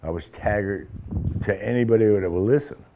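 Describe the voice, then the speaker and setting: An older man, an actor, telling animated, profane anecdotes in an interview and acting out the quotes. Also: lowish voice, quick pace, background noise.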